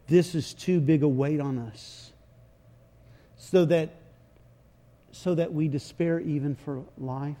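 A man preaching a sermon, retelling scripture in folksy everyday words and swinging from quiet asides to shouted crowd chants. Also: on the high side, takes it slowly, long pauses. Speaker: pastor.

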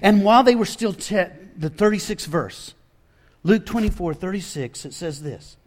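High-voiced animated male preacher. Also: moderate pace. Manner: animated storytelling, conversational with asides. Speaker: pastor. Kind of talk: sermon.

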